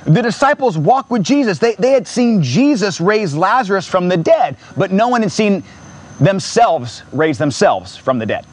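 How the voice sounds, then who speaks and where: A man pastor preaching an impassioned sermon in a church, repeating phrases and rising to near-shouts. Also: high-pitched, big pitch swings, moderate pace.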